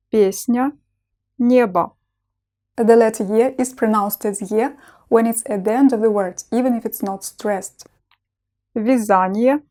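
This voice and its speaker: A woman teaching a language lesson, pronouncing each example slowly and distinctly as a model for learners. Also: fairly high pitch, warm tone. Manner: slow, clearly enunciated model pronunciation.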